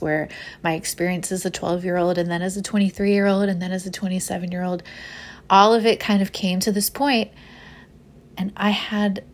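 Chatty woman telling a story. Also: medium pitch. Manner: laughs often, swears casually, animated. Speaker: podcast host. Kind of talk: casual storytelling.

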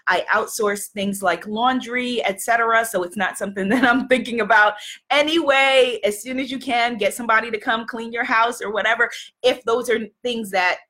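A woman's voice: medium pitch, fairly bright tone. A woman business coach chatting casually to her audience, rambling with many fillers and restarts.

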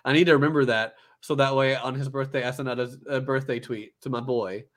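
A man's voice: mid-range voice, fairly even intonation, brisk. A man co-hosting a podcast, casually recapping an anime in a rambling way, with lots of "like" and "uh" and frequent restarts. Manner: rambling retelling, filler-heavy, many restarts. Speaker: podcast co-host.

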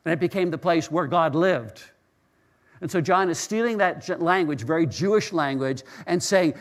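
A middle-aged male pastor delivers his sermon in a voice pitched a little high. He talks in a storytelling way, often repeating a word or restarting a phrase before moving on. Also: moderate pace.

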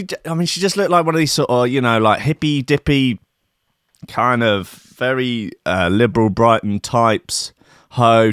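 A man's voice: medium pitch, fairly bright tone, clear, resonant tone, no echo, studio quality. A man telling a comic anecdote in a wry, rambling, sarcastic way. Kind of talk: comic storytelling monologue.

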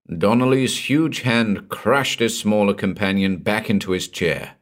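A man reading a pulp horror story aloud as narrator, in an expressive storytelling manner. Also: lowish voice, measured pace, few pauses.

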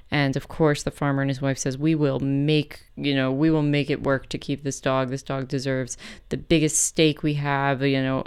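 A woman hosting a music program, casually retelling a folk tale between pieces in a chatty, relaxed way. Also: a bass voice, smooth. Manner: chatty, relaxed, with fillers and self-corrections.

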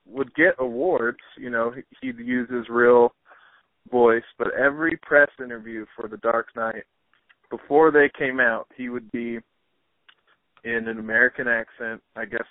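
A man's voice: medium pitch, no room sound. A man hosting a podcast, chatting casually with many fillers. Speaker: podcast host. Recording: dry, phone-like narrow sound.

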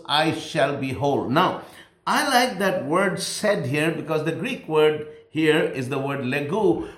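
Emphatic preacher man, echoey room. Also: a little high. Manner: emphatic, repeats key phrases for stress. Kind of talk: sermon.

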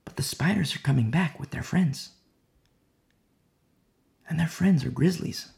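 Guy preaching a sermon, kinda gravelly, a bit high, chatty with lots of you knows, goes quiet when praying. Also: a little slow. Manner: conversational preaching, drops to a hushed voice in prayer; many fillers, acts out quoted people. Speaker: pastor.

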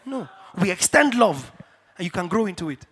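A middle-aged man from Africa preaching a sermon in church, emphatic and repetitive, dropping to hushed asides and rising to shouted declarations. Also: high voice, very animated, moderate pace, husky. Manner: repeats key phrases for stress. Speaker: pastor.

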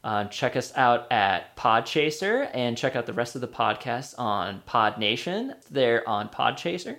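A male podcast host with a gravelly, creaky voice at an ordinary pitch. He chats casually about movies and quizzes his guest in a playful, talkative manner. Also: very animated, measured pace, a bit bright.

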